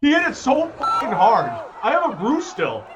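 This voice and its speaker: A man guest co-hosting a podcast in casual chat, telling stories excitedly with plenty of swearing. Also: very high voice, moderate pace, background noise. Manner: excitable, swearing, lively storytelling. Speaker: guest co-host.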